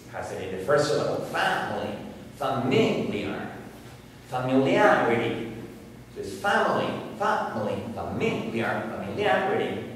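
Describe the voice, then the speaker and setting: A man's voice: medium pitch, a little hiss or hum. A man giving a university lecture, explaining points emphatically with examples. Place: large lecture hall. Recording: echoey hall recorded from far off.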